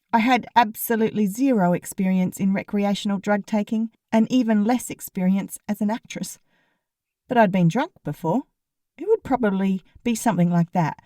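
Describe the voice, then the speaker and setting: A woman's voice: mid-range voice, dark tone, no echo, clean studio sound. A woman narrating a comic novel in the first person, in a wry, sarcastic way. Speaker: audiobook narrator.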